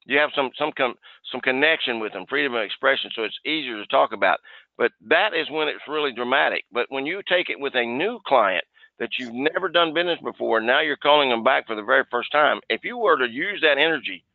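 A man leads a sales training call, pushing his team with folksy energy and frequent repeats. His voice comes through a tinny phone line. The sound is dry, with a middle pitch. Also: animated, brisk, creaky, dry recording. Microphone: conference call line.

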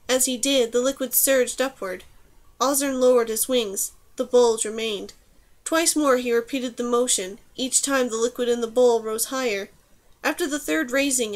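A woman narrating a fantasy novel aloud as an audiobook reader, with steady, even storytelling. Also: on the high side. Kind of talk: scripted narration.

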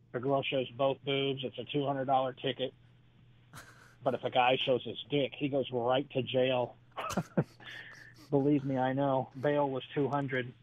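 Comedian guest on a tinny phone line. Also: male voice, mid-range voice. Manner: halting, filler-heavy delivery with chuckles between jokes. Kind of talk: telling a stand-up bit in an interview.

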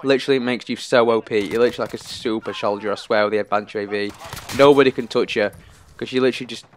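A man giving live gameplay commentary, excitable and anxious, often pleading under pressure. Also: lowish voice, quick pace, slight background noise. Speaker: gaming YouTuber.

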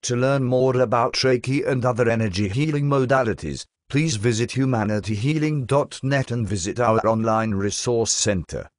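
A man giving a scripted narration, reading in a slow, measured, soothing way. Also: mid-range voice, dry recording, studio quality.

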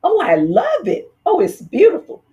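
Whiny, sly storybook fox, played by a woman reader, high and drawn out. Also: wildly swooping pitch, unhurried, dark tone, lo-fi sound, exaggerated voice. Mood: delighted. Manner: wailing, whimpering. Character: sly whining male fox patient. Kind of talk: storybook read-aloud.

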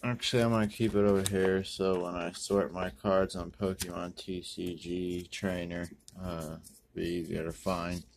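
A man rambling through a pack opening, correcting himself and using many ums and uhs, with sudden bursts of excitement. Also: low voice, moderate pace, slight background noise. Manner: bursts of excitement over good pulls. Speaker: card-opening video host. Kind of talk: casual pack-opening commentary.

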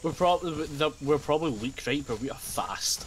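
Man, excitable, lively pitch, casual gaming chat. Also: brisk, a little hiss or hum. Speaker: gamer.

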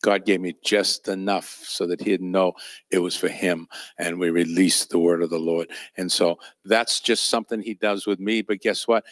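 A man's voice: low-pitched, fairly even intonation, moderate pace, dry recording, studio quality. A man teaching at a church training session, telling personal ministry stories in a conversational, anecdotal way with fillers and chuckles. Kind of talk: storytelling sermon.

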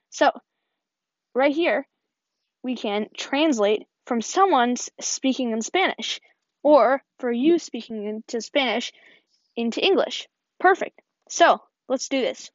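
Tutorial host: woman with a higher voice, upbeat step-by-step walkthrough, dry lo-fi recording. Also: animated, a little slow, long pauses, no room sound. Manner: step-by-step, upbeat, often says "perfect". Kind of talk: screen-recording app tutorial voice-over. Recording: dull, dry lo-fi voice-over.

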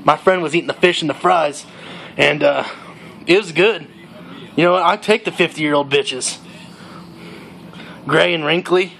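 A man's voice: on the high side, unhurried, creaky, pauses often, a bit bright. A young man playing a cocky young party-bro gamer who brags in drawling slang during a comedic monologue over gameplay. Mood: boastful bro.

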